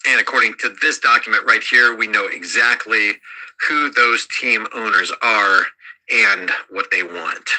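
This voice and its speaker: Husky man giving urgent commentary. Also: lowish voice, a little slow, sharp tone, rough recording. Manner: urgent, warning. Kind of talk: political commentary.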